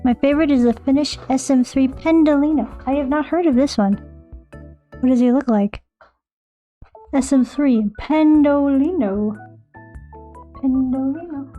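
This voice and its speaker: A woman's voice: on the high side, warm tone. A young American woman chatting casually with her live-stream viewers, bubbly and self-mocking. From United States.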